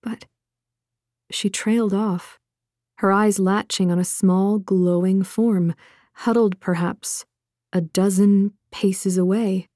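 A woman narrating an audiobook in a measured, expressive manner. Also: mid-range voice, no room sound, clean studio sound.

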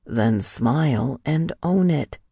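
A woman's voice: a bass voice, lively intonation, slow pace, gravelly, warm tone, husky, no echo, studio quality, heavily acted. Woman voicing a sneering, cocky young man. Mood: confident. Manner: mocking, blunt, swears casually. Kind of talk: audiobook dialogue reading.

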